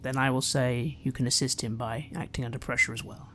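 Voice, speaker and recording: A woman runs a tabletop horror game as game master, with a very low voice. She narrates in a measured, dramatic way. Her descriptions build tension steadily. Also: steady tone, a bit bright.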